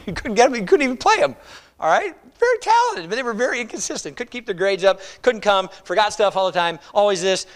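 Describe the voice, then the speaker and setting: A middle-aged man preaching a conversational, animated sermon, acting out quoted voices. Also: sits high. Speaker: pastor.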